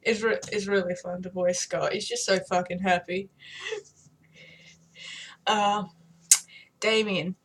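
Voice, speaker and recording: A young Australian woman chatting casually and excitedly about the voices she does, swearing freely. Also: medium pitch, takes it slowly, long pauses, a little hiss or hum. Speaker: video creator. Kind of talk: casual chat.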